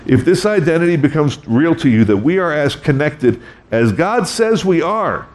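A man's voice: on the high side, big pitch swings, moderate pace, a little hiss or hum. A middle-aged man preaching a sermon, conversational and self-deprecating, acting out quoted voices. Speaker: pastor.

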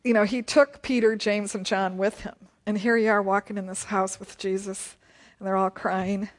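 A woman's voice: medium pitch, flat delivery, moderate pace. A woman leading a Bible study, reading scripture aloud and chatting about it, laughing often.

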